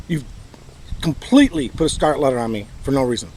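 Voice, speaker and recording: A man's voice: fairly high pitch, big pitch swings, fairly quick, darkish tone, a little hiss or hum, low-quality recording. A man with a Michigan accent telling his own story in an aggrieved, bitter, emphatic monologue. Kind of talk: personal monologue.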